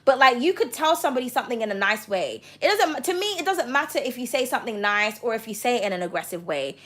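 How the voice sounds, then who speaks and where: A high-voiced woman runs a tarot reading to camera. She talks with passion and no sugarcoating, swearing freely as she lays out the cards. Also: animated, quick pace, a bit bright. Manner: passionate, blunt and profane. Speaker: tarot reader.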